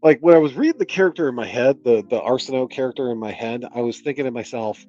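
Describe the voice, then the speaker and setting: A man's voice: medium pitch, quick pace, dark tone. A man streaming himself reading a novel aloud, breaking off into exasperated, sardonic commentary full of swearing. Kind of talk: book reading with casual commentary. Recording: dull lo-fi audio, faint music.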